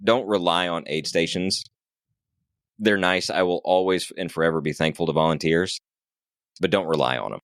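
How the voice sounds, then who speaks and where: Deep-voiced man telling a race story. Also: normal speed, dry recording, clean studio sound. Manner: animated, acts out quoted dialogue, swears casually. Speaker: podcast guest, ultrarunner. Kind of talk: casual storytelling.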